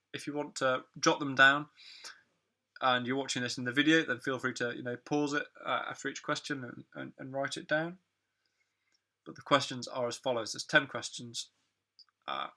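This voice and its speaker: A man teaching an online English lesson on phrasal verbs, talking in a relaxed, chatty way with many fillers and asides. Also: mid-range voice.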